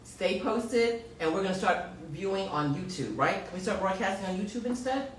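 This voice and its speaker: A woman's voice: medium pitch, animated, moderate pace, slight background noise. Giggly mother hosting, roomy and distant. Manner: giggly and playful, apologetic. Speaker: podcast co-host, mother. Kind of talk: casual chat. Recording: roomy, off-mic with faint ambience.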